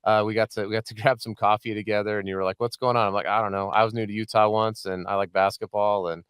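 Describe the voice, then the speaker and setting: A man's voice: fairly low pitch, steady tone, fast, a bit bright, clean tone, dry recording. A man hosting a podcast from a home studio, chatting casually and joking often with his guest. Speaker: podcast host. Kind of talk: casual interview chat.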